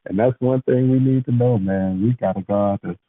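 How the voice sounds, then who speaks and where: A man's voice: medium pitch, moderate pace, narrow, tinny audio. A man praying on a phone prayer line, talking with emotion and repeating his thanks over and over. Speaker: caller sharing praise and testimony. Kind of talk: heartfelt phone prayer and testimony.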